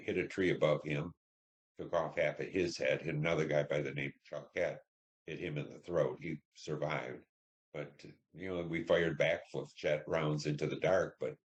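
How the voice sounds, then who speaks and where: A man in his seventies from Detroit, a veteran telling war memories in an oral history interview, halting and reflective with many fillers. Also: a bass voice. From Detroit, Michigan.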